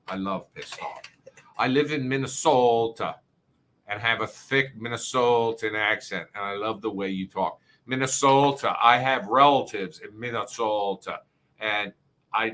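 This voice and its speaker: A man's voice: on the low side, bright, forceful tone. A man with a South Jersey accent hosting a casual livestream, rambling, swearing and reading viewer comments aloud. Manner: rambling, profane, reads chat comments aloud.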